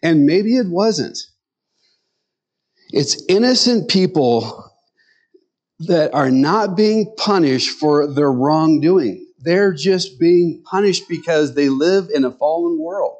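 A man's voice: on the high side, animated, slow, darkish tone. A man preaching a Sunday sermon, animatedly acting out the voices of the people in the scriptures he reads. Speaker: pastor.

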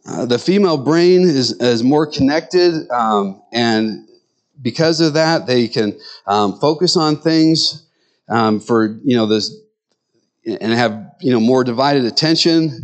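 A male pastor preaching with humorous stories, acting out the voices he quotes. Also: medium pitch. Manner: storytelling, acts out quoted voices. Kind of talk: sermon with humorous anecdotes.

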